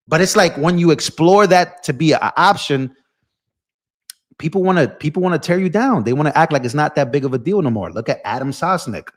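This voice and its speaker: Young man, live-stream host, heated rant, slightly high voice, casual address to viewers. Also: animated, a little fast. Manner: impassioned, ranting, addresses viewers as bro and y'all.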